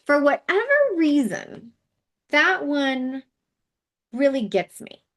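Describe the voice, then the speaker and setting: A woman's voice: high voice, very animated, slow pace, fairly bright tone. A woman hosting a casual live wellness session, talking in a chatty, candid way with asides and fillers.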